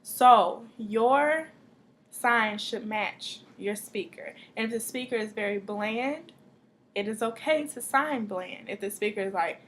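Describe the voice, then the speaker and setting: A woman's voice: mid-range voice, a little slow, fairly bright tone, slight background noise. A woman teaching a church sign language class, explaining with acted-out examples.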